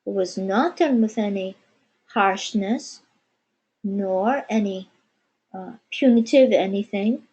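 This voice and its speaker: A woman giving a spiritual channeling session, speaking as "we" in a measured way with many pauses. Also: mid-range voice, darkish tone, husky, rough recording. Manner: measured, pausing often, speaks as "we". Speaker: channeler answering questions. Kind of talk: slow meditative spiritual channeling.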